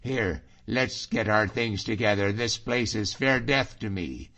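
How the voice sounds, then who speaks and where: A man doing a hearty, mocking Highlander. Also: unhurried, sharp tone. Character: bold wily Scottish Highlander, middle-aged man. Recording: dull lo-fi audiobook recording.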